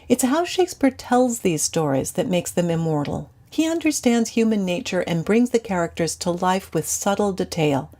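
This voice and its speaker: Woman, teacher, scripted classroom lecture, measured clear delivery, mid pitch. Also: mellow.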